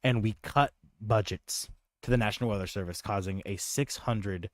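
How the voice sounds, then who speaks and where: A man's voice: fairly low pitch, normal speed, no echo, clean studio sound. A man streaming live reactions to news clips, talking casually with sarcastic, profane, scornful asides.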